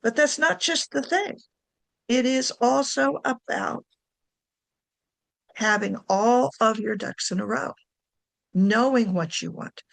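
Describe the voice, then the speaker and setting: A woman's voice: on the high side, takes it slowly, gravelly, pauses often, a bit bright. A woman giving a casual talk on writing to camera, chatty, correcting herself and laughing often. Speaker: writing coach.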